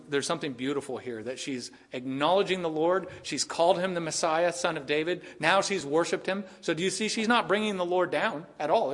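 Earnest preacher man, slightly high voice. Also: a bit bright. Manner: earnest, asks the audience rhetorical questions. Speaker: pastor. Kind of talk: expository sermon.

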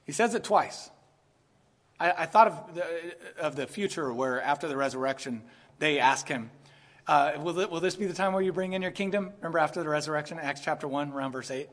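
Animated pastor man, higher voice. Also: quick pace. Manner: animated, laughs often, acts out quoted voices. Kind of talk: expository sermon.

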